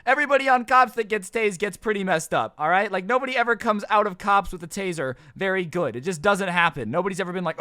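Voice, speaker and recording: A man in his twenties telling a high school storytime to his channel in a casual, slangy way, tossing in bro and dude. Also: expressive, fast talker, hardly any pauses, sharp tone, no room sound, clean studio sound. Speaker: YouTube storyteller.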